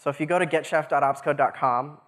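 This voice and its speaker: Young male conference speaker, slightly high voice, casual and jokey, lots of fillers, hall reverb. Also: fast, a bit bright. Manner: casual, joking, many "uh" fillers. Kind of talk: technical conference talk.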